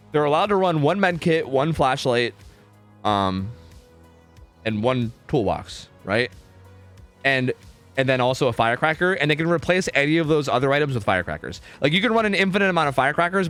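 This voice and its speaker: A man's voice: mid-range voice, big pitch swings, fairly quick, fairly bright tone. A young man casting a game match live on stream, chatty and full of fillers, reading chat as he goes. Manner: chatty, many fillers, reads chat aloud. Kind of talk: casual live commentary. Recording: faint music behind.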